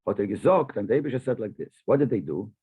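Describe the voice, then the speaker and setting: A man's voice: lowish voice, sing-song, fast, breathy edge, phone-quality sound. A man, a rabbi, teaching a lesson on a commentary, mixing Hebrew and Yiddish terms into his English and often restarting his phrases as he explains.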